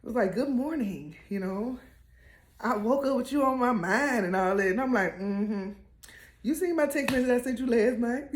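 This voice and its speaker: Animated woman telling a story. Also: on the high side, echoey room. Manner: animated, laughing, acts out quotes. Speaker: co-host telling their couple story. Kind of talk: casual storytelling.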